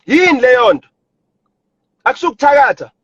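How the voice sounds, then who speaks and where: Furious high-voiced South African man ranting. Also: sing-song, normal speed, fairly bright tone, slightly rough, no room sound, dull audio. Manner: angry, repetitive, swearing. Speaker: live streamer. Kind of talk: heated rant on a live stream. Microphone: phone.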